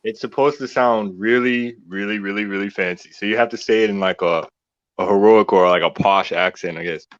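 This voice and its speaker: A man's voice: on the low side, steady tone, brisk, a bit bright, dry recording. A man joining a podcast as a returning guest, chatting playfully and laughing between remarks. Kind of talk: casual call-in chat. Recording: dull, dry remote call audio.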